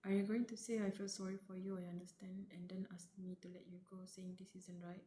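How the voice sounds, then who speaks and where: Woman reading a weary young man, breathy half-whisper, mellow, roomy sound with faint noise. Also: mid-range voice, fairly even intonation, moderate pace, natural voice. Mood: hushed, solemn.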